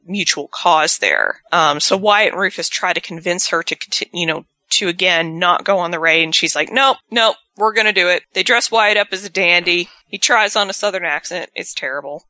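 A woman's voice: lowish voice, normal speed, hardly any pauses, bright, forceful tone, dry recording. A woman co-hosting a show, recapping an episode in casual, rambling chat. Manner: chatty, rambling storyteller. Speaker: podcast co-host.

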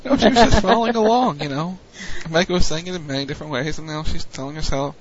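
A man's voice: fairly high pitch, fast, highs cut off. A man co-hosting a casual talk show, reading out matchups and teasing the others. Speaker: co-host running the match brackets. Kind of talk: casual chat.

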